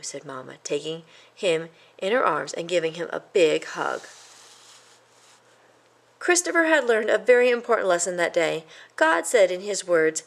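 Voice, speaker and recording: Low, gravelly-voiced woman reading a storybook. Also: big pitch swings, moderate pace, a bit bright. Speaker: children's book reader. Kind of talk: storybook read-aloud.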